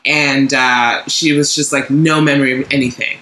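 A woman from Canada, a comedian guest on a podcast, telling a story with animated laughter. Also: a bass voice, moderate pace. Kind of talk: casual storytelling. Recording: roomy echo.

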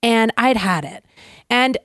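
Lively young woman telling a story. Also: on the high side, slow, dry recording, clean studio sound. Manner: animated, laughing, lots of "like" fillers. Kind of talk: casual storytelling chat.

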